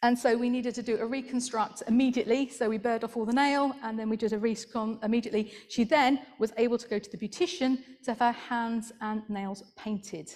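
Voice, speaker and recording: A woman's voice: on the high side, steady tone, brisk, hardly any pauses, darkish tone. A woman podiatrist presenting slides at a conference, chatty and laughing at her own asides.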